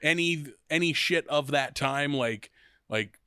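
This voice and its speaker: A man in his thirties co-hosting a casual podcast, his voice bright and forceful and recorded dry and close. He rambles, swears freely and pokes fun at himself. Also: on the high side, slow pace, clean tone, dry recording. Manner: swearing, rambling, self-mocking. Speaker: podcast co-host. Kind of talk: casual chat.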